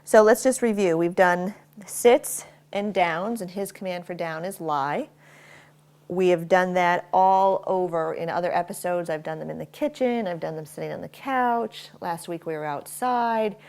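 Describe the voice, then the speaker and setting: A woman with a low, gravelly voice teaches dog training at home. She talks viewers through each step and breaks off now and then to give the dog short, firm commands. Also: measured pace, a little mellow. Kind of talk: instructional dog training demonstration. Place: inside a house.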